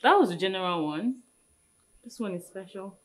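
A woman's voice: medium pitch, lively intonation, normal speed, natural voice. A young woman playing a shy, sweet schoolgirl. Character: sweet teen girl giving an invitation.

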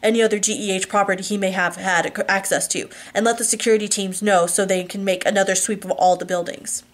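A woman's voice: medium pitch, steady tone, fast talker, lightly acted. Woman doing a curt, murmuring rich businessman. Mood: curt, teasing.

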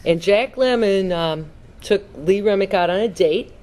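A woman's voice: medium pitch, a little slow, darkish tone. A woman sharing her personal recovery story at a meeting, in a conversational, earnest storytelling manner with fillers and restarts.

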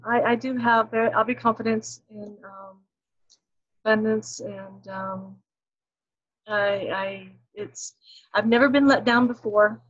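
Woman in her 40s, very slow and hesitant, muffled lo-fi audio. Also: mid-range voice, fairly even intonation, husky. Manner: hesitant, many restarts. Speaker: course participant. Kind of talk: casual chat.

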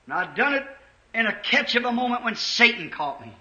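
A man preaching a fervent sermon, telling stories and rising to shouts. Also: very high-pitched, very animated, fairly quick. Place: church. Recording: roomy dull 1950s church recording.

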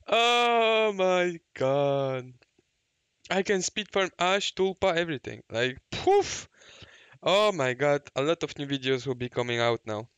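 Excitable man. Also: dry recording. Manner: excitable, shouting, laughing and cursing, then low muttering. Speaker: gaming YouTuber. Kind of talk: live reaction to game summons.

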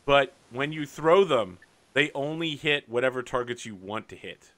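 A man's voice: mid-range voice, lively intonation, normal speed, a bit bright. A man running a tabletop game as game master, chatting casually and animatedly and reading rules aloud on a voice call.

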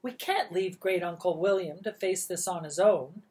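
A woman voicing a rich, bossy elderly great-aunt who issues orders in a loud, haughty way. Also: lowish voice, moderate pace, voice pushed up, close to an everyday voice. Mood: imperious.

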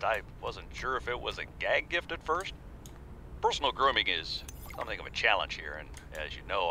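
An actor playing a cheerful young man far from home, chatty and animated. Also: medium pitch, slight background noise.

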